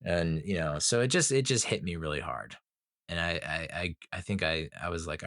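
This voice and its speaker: A man's voice: low voice, expressive, moderate pace, a bit bright, no echo, studio quality. A man giving a casual, rambling movie review, emotional and swearing a lot, with frequent laughs.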